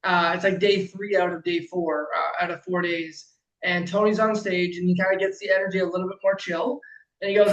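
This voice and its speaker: A man coaching a client in casual conversation, emphatic and animated, swearing freely and acting out quotes loudly. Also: sits high, a little fast, reverberant, dull audio. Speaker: life coach.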